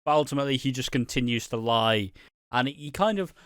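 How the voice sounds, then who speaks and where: A man's voice: medium pitch, expressive, brisk, a bit bright, clean tone, no room sound, clean studio sound. A young man co-hosting a casual podcast recap, swearing freely and acting out characters' lines. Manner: sweary, laughs often, acts out characters' lines. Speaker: podcast co-host.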